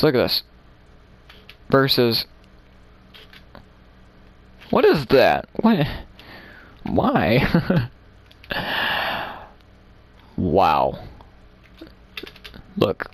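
Man, gaming channel host, casual gameplay commentary, rambling, chuckling, slow-paced, smooth voice. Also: mid-range voice, no room sound. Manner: rambling, talks to himself while building; chuckles often.

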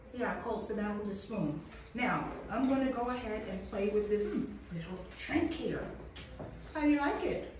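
A woman's voice: medium pitch, lively intonation, moderate pace, a little mellow. A woman chef hosting a cooking demonstration, chatty and encouraging as she talks straight to the viewer. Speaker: chef and host. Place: kitchen at a coffee company. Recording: echoey room, mic far off, background noise.

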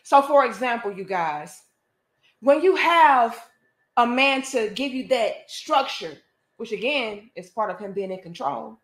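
A woman delivers a preachy, emphatic opinion monologue, heavy with profanity and rhetorical questions. Her voice sits high and she takes her time, letting each point land, while the room adds a clear echo. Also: animated, a little slow, a bit bright. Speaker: vlogger. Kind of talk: opinion monologue to a live audience.

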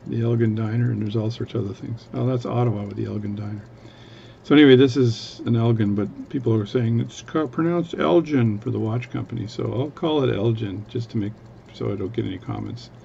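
A man's voice: medium pitch, gravelly, mellow, lo-fi sound, slight background noise. A man from Canada, a watchmaker, chatting casually at his workbench in a rambling, self-interrupting way. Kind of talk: casual chat.

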